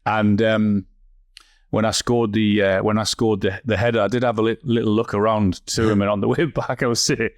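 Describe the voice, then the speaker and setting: Low-voiced man, halting, dry mic. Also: flat delivery, no room sound. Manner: unhurried, halting storytelling. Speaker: podcast co-host. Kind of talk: casual chat.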